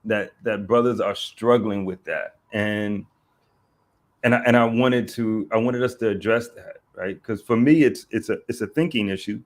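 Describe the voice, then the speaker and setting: A man's voice: lowish voice, normal speed. A man hosting an online discussion who rambles, restarts his sentences and banters easily with his guests. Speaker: host.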